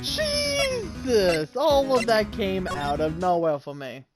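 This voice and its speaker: A woman streamer giving casual let's-play commentary, reading game dialogue aloud and reacting with loud laughter. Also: mid-range voice, sing-song, slow, loud music behind the voice. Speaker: gaming streamer.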